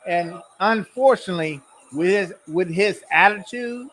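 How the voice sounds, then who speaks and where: A man's voice: sits high, a little slow, a bit bright, a little hiss or hum, low-quality recording. A man co-hosting a commentary show, reacting in a plain-spoken, folksy way. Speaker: show co-host. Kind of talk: casual commentary chat.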